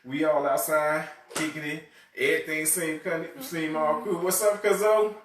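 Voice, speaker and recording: A man's voice: a little high, steady tone, normal speed. A man telling funny family stories in casual chat and laughing often as he talks. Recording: echoey room, mic far off, faint noise.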